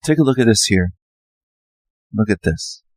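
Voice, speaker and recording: A man's voice: on the low side, animated, a little slow, a little mellow, no room sound. A man talking casually as he shows images, ranting and repeating himself in sudden emphatic bursts. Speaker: channel host. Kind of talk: casual monologue over images.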